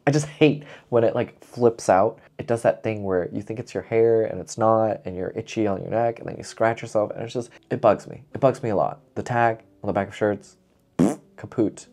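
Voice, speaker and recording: Chatty young man, lowish voice. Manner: chatty, animated, says "y'all" a lot, frequent laughs. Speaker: vlogger. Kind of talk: casual chat to camera. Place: lives in Seoul.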